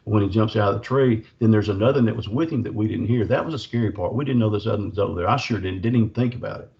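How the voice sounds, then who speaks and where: A man's voice: fairly low pitch, racing, vocal fry, dull audio. A middle-aged man, telling a podcast host about a Bigfoot encounter in a folksy, rambling way with lots of fillers. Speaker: Bigfoot researcher, podcast guest. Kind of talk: storytelling an encounter.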